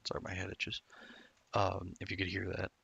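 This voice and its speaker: A man's voice: low voice, completely flat delivery, moderate pace, gravelly, fairly bright tone, husky, dull audio. A man streaming a game, chatting casually and rambling through stories with many self-interruptions. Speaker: gameplay streamer. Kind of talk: casual gameplay commentary.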